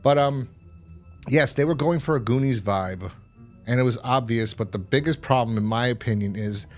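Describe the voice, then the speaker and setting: Soft music plays behind this podcast host, a young guy talking at normal speed in a casual review. His style is rambling and full of swearing, and he performs scenes by putting on high voices.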